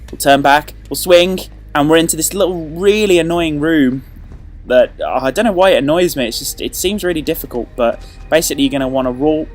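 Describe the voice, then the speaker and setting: A man hosting a video game walkthrough, joking and playful, with sudden excited outbursts. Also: a little high. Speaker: let's play host.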